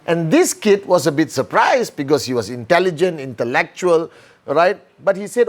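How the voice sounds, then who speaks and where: A man's voice: a little high, sing-song, moderate pace. A man giving a motivational training lesson by telling a story, often checking in with "all right?" and "okay".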